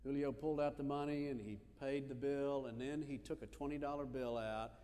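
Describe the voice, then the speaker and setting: A man preaching a sermon, telling a story in a lively, animated way with little asides. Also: mid-range voice, a little fast, long reverb tail. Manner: animated storyteller, acts out voices in quotes.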